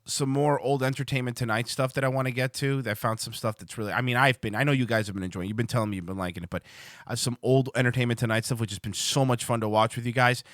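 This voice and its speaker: A man's voice: medium pitch, fairly even intonation, fast talker, fairly bright tone, no echo, clean studio sound. A man hosting a livestream show, rambling and swearing casually as he chats to viewers. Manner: rambling, profane, restarts a lot.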